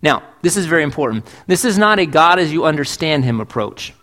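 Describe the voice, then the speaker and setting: Brief: pastor giving a sermon, emphatic, fairly high-pitched man's voice. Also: expressive, fairly quick, fairly bright tone. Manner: emphatic, asks rhetorical questions, acts out quotes. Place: church.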